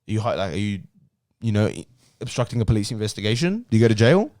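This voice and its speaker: A man's voice: on the low side, sing-song, fast, a little mellow, dry recording, studio quality. A young man, co-hosting a podcast in a rambling, self-mocking casual chat. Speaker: podcast co-host.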